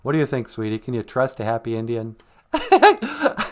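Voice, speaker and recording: A man's voice: medium pitch, fairly even intonation, fast. A man hosting a live stream, telling a wandering comedic monologue and laughing at his own jokes.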